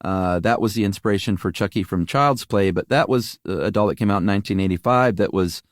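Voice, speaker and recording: Man, low voice, laid-back podcast chat, filler words, dry studio sound. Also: fairly quick, no room sound. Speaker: podcast co-host. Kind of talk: casual chat.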